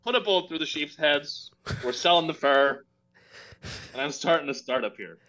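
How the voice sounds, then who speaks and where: A man's voice: a little high, normal speed, sharp tone, poor audio. A smug, ruthless landowner who announces cruel plans with brash, offhand confidence, as a man acts him out. It is a comedian's jokey bit that stays close to his own everyday voice. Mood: callous. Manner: callous, brash. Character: smug ruthless male landowner evicting farmers.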